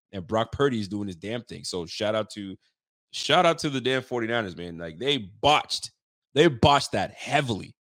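A man hosting a casual sports talk livestream, swearing freely and getting worked up, his voice jumping high when he's fired up. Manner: animated, profane trash talk; pitch swings up when fired up. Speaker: sports talk show host.

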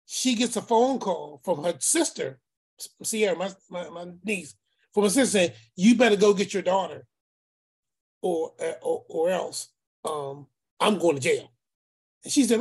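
Storytelling man, lively voices. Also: high voice, normal speed, breathy edge. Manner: animated, acts out voices, repeats phrases; preacherly, speaks of faith. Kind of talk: casual storytelling.

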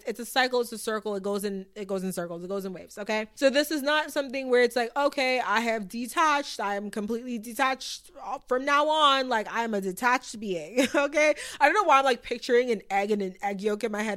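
Chatty upbeat woman hosting a podcast. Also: fairly high pitch. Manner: chatty and upbeat, fond of filler "like"; encouraging, addresses listeners directly. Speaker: podcast host. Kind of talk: casual podcast monologue.

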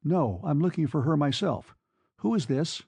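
A man's voice: a little high, lively intonation, normal speed, a little mellow, slightly rough, dry recording. A man voicing an agitated young husband who has just come home and is searching for his wife. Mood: anxious. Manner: anxious, rising to emotional outbursts.

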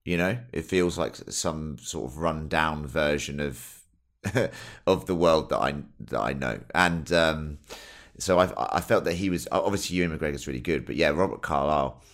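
A man's voice: very deep voice, moderate pace, creaky, fairly bright tone. A young man rambling enthusiastically, with some swearing, in a casual film review chat. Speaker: podcast co-host.

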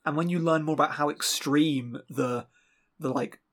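A man with a husky voice chatting casually about a film, animated and laughing often, with many restarts. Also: fairly high pitch, normal speed.

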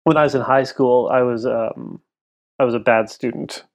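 A man's voice: mid-range voice, fairly even intonation, normal speed. A man in his thirties on a podcast, telling a personal family story in a rambling, emotional way, full of "like". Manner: rambling, heavy use of "like", emotional. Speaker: podcast co-host. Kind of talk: casual storytelling chat.

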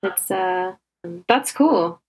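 A woman's voice: medium pitch, expressive, very slow, husky, soft background music, poor audio. Upbeat woman interviewer, friendly casual host. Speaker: podcast host.

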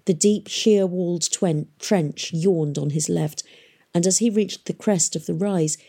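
A woman reading a novel aloud in a measured, gentle way. Her voice is husky and mellow and sits a little low. The pace is calm and steady. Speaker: audiobook narrator. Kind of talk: scripted narration.

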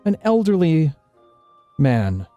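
Slow-spoken man narrating as game master. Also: a little high, big pitch swings, mellow, no echo, lo-fi sound, faint music behind. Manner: slow, descriptive narration with hesitations. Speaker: dungeon master.

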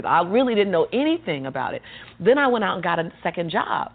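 A woman's voice: lowish voice, lively intonation, fast talker, vocal fry. A woman telling her personal story in conversation, with an emphatic, repetitive preaching cadence. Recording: tinny phone-like audio with faint music.

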